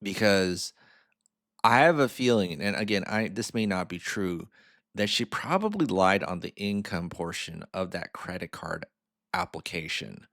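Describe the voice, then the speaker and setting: Low-voiced man giving frank commentary. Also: expressive, a little slow, fairly bright tone, no echo, clean studio sound. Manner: chatty, asks "right?" often, frank opinions. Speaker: reaction video host. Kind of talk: casual commentary on a video.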